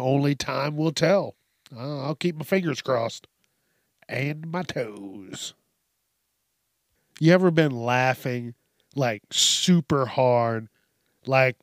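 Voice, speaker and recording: A man's voice: on the high side, vocal fry, no room sound, studio quality. A man hosting a casual solo podcast, ranting with lots of swearing and acting out quoted lines. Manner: profane, animated ranting with acted-out quotes. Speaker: podcast host.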